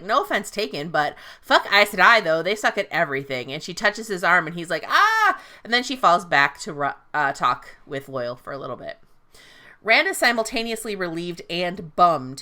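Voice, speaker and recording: Lively, bright-voiced woman recapping a book. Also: lowish voice. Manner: swearing, playful, paraphrases characters in quotes. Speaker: podcast host recapping a book. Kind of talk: casual recap storytelling.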